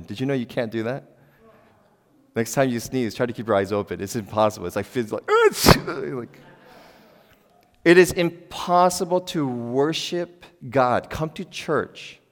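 A middle-aged man preaching a sermon as a pastor in a church. He is conversational and emphatic, asks the congregation questions and breaks into sudden loud exclamations. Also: on the low side. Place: church sanctuary. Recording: long church hall reverb.

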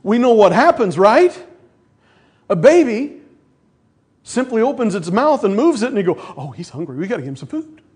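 A man's voice: high voice, normal speed, long pauses, slightly rough. A middle-aged male pastor preaching a sermon, telling stories and acting out voices along the way. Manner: storytelling, animated, acts out quoted voices.

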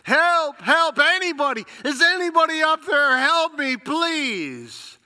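A high, strained cry from a desperate man hanging off a cliff edge, as a preacher puts him on. He pleads loudly and frantically, and his voice rings bright and piercing through a long reverberant church hall. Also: animated, unhurried, heavily acted. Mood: frantic pleading. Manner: frantic, pleading cries for help.

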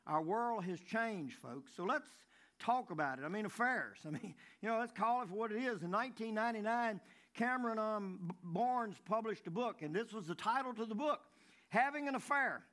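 Preacher guy, kinda high voice, folksy, repeats himself a lot. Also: expressive, moderate pace, fairly bright tone. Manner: folksy, repeats words, tells jokes. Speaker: pastor. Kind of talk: sermon.

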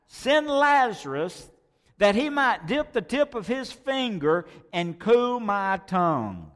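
A man's voice: high voice, big pitch swings, slow, fairly bright tone, voice pushed up, exaggerated voice. A man voicing a tormented rich man in hell who cries and pleads for mercy, in a church with a long reverb. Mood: anguished pleading.

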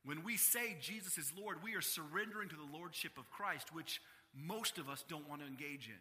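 A man preaching a sermon to a congregation in an emphatic way, rising to loud stressed phrases and dropping low and quiet. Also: brisk. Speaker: pastor. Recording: long hall reverb.

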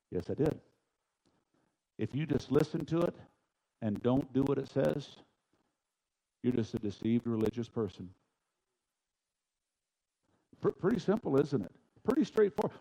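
A man preaching a sermon as pastor in a church, folksy and emphatic, swinging between loud, driving lines and hushed ones. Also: fairly high pitch, expressive, measured pace, gravelly, long pauses, low-quality recording. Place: church sanctuary.

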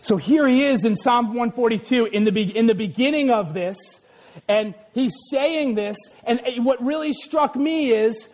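A man preaching a sermon with passion, often shouting and asking his congregation questions. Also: very high-pitched, moderate pace. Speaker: pastor.

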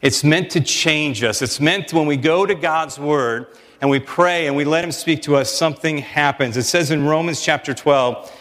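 Animated preaching man in a reverberant hall. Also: fairly high pitch. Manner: animated, conversational preaching with quick asides. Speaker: pastor. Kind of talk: sermon.

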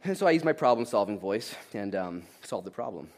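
A man in his thirties preaching a sermon, jokey and animated, swinging between loud bursts and quiet asides. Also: on the low side, a little fast. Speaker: pastor.

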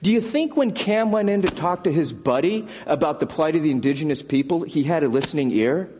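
A pastor preaches a conversational sermon full of stories, acting out the people in them with their own voices. His voice is on the high side, expressive and fairly quick, and it has a big-room sound with background noise.

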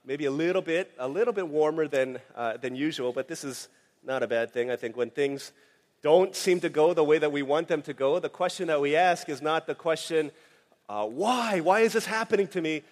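A man preaching a sermon in a relaxed, conversational way, telling a family story with many fillers. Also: fairly high pitch, moderate pace. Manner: conversational, anecdotal, frequent fillers. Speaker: pastor. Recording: long hall reverb.

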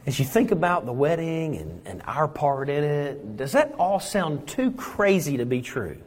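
A male pastor preaching a sermon, dramatic and swinging between loud emphasis and hushed moments. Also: on the high side, very animated, a little slow. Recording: long reverb in a large hall.

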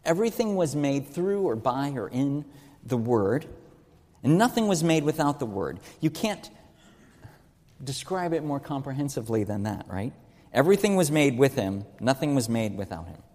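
A man's voice: medium pitch, big pitch swings, normal speed, darkish tone, in a large hall. A man giving an earnest teaching sermon, stressing key words and asking rhetorical questions. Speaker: preacher.

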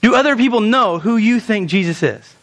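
A young man preaching a sermon as pastor, animated, asking rhetorical questions and acting out quoted lines. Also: high-pitched, a little fast.

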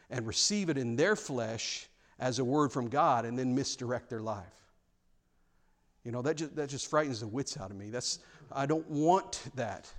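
A male pastor preaching a sermon in an earnest, frank way, often repeating words as he presses a point. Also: medium pitch.

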